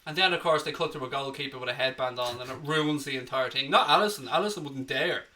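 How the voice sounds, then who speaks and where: A man's voice: medium pitch, quick pace, sharp tone. An Irish man hosting a live football watchalong, chatting cheekily and reading out viewer comments. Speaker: host.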